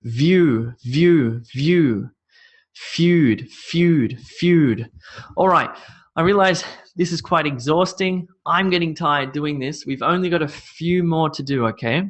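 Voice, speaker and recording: A man's voice: fairly high pitch, takes it slowly. A man with an Australian accent teaching English pronunciation, repeating each word three times. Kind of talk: pronunciation drill lesson.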